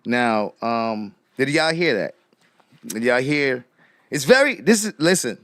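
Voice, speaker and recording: A man hosting casual live commentary, repeating rhetorical questions to his viewers and shouting out people in the chat. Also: mid-range voice, big pitch swings, unhurried, no room sound, clean studio sound. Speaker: commentary streamer.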